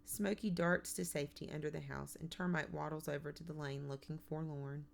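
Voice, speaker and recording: A woman reading a first-person children's novel aloud in a measured, plain storytelling manner. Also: low-pitched, fairly even intonation, vocal fry. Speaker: audiobook narrator. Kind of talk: first-person audiobook narration.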